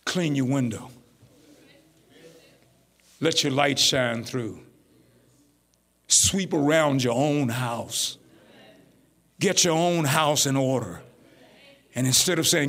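A middle-aged man preaching a folksy, animated sermon as pastor. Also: medium pitch, slow, pauses often. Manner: folksy, animated, rising to near-shouts.

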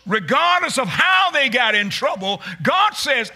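A man preaching a sermon, calling out to the congregation and rising into shouts, often repeating his words. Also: extremely high pitch, very animated, a little slow. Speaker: pastor.

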